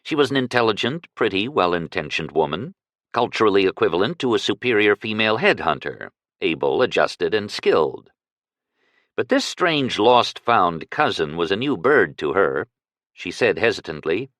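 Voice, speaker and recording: Brief: expressive audiobook narrator, man, low-pitched and dry. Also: dry recording. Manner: measured, expressive storytelling. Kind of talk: scripted narration.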